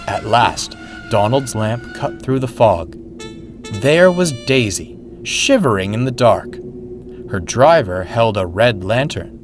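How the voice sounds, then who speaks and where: A man narrating a scripted spooky story in a slow, suspenseful storytelling manner. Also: mid-range voice, lively intonation. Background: music.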